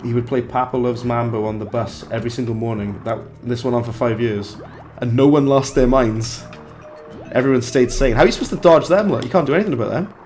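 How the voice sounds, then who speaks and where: Brief: young male game streamer, mid-pitched voice, talkative, reacts out loud as he plays. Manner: chatty, reacts aloud and banters with chat. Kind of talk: live gameplay commentary.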